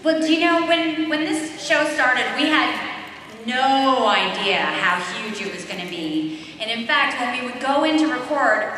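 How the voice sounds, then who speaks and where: A woman voice actor on a convention panel, telling an excited story with laughter. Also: high-pitched, a little slow. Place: large convention hall. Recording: echoey hall mic from far off with crowd.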